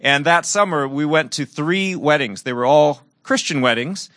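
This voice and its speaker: A middle-aged man preaching a sermon and telling personal stories, earnest, moving between raised emphasis and soft, quiet reflection. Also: fairly high pitch, normal speed, no echo.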